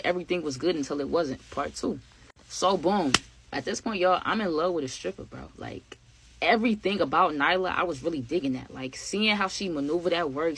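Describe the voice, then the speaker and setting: Young woman rattling off a storytime, slangy, slight stammer, lowish voice. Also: slightly rough. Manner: slangy, animated storytelling addressing viewers; occasional stammer. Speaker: vlogger. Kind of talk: casual storytime.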